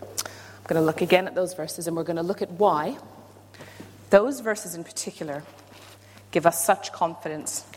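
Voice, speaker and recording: A woman preaching a sermon, playful and self-deprecating, with animated emphasis. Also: fairly low pitch, normal speed, long pauses, slight background noise. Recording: long hall reverb.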